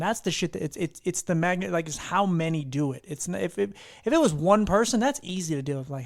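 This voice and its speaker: A man's voice: fairly high pitch, animated, fast, hardly any pauses, no echo, studio quality. A young man in a casual podcast chat, talking bluntly, swearing freely and acting out what other people say. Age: young adult. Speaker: podcast guest.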